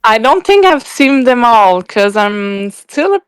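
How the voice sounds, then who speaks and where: A woman's voice: a little high, very animated, slow, smooth, no room sound. A woman with a French accent, a native French speaker, chatting as a podcast guest, hesitant and searching for words. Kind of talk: casual chat.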